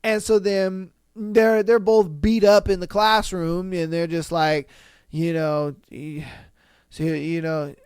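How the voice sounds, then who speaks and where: A man hosting a podcast and casually recapping a drama, animated and cursing freely, acting out the dialogue as he goes. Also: high-pitched, slow, clean tone, dry recording, studio quality. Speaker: podcast host.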